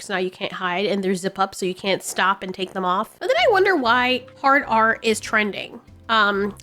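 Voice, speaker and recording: A woman's voice: medium pitch, pushed and bright. A woman giving opinionated commentary on video games in a blunt, sarcastic way.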